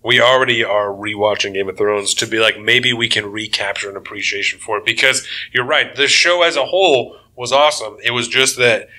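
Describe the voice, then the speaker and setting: Animated, swearing podcast co-host man. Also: lowish voice, a little fast, few pauses. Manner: profane, animated ranting with laughs. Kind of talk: casual podcast chat.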